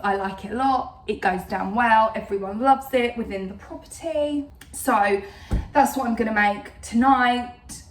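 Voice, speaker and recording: A woman's voice: on the high side, a little slow. A woman in her thirties chatting casually to camera in a rambling way, full of fillers. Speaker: vlogger. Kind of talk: casual chat. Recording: roomy sound, voice a bit distant.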